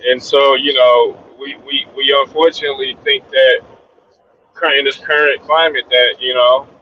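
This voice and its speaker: A man's voice: mid-range voice, little pitch movement, normal speed, highs cut off, a little hiss or hum. A man talking casually and loosely, swearing and laughing between his points. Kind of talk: casual debate talk.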